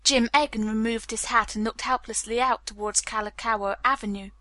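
A woman narrating an audiobook in a steady, clear storytelling manner. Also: on the high side, moderate pace, no room sound. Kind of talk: scripted narration.

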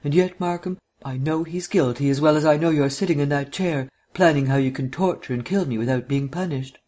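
A man voicing a languid, witty gentleman detective who speaks in an unemotional drawl. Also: on the high side, brisk, lightly acted. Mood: blithe. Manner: unemotional drawl, airy and mocking.

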